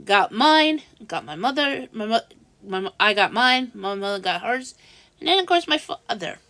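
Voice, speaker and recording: High-voiced woman telling an exasperated story. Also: sing-song, bright, forceful tone, no echo. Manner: halting, restarts, rising exasperation. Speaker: vlogger. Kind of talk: casual storytelling vlog.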